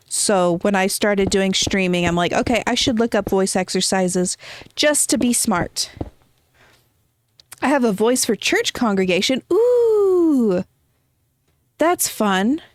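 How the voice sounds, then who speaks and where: A woman's voice: mid-range voice, smooth. A woman streaming a game from home, chatting casually and rambling as she answers her chat.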